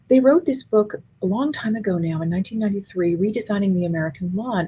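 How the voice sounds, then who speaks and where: A middle-aged woman and university professor giving a conference keynote lecture, articulate and measured, building her points in spoken lists. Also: on the low side, mellow, a little hiss or hum.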